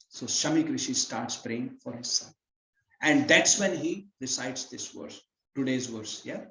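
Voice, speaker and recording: A man giving a devotional scripture class, explaining Sanskrit verses phrase by phrase in a lively storytelling way. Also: mid-range voice, a little slow. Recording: roomy, slightly dull hall recording.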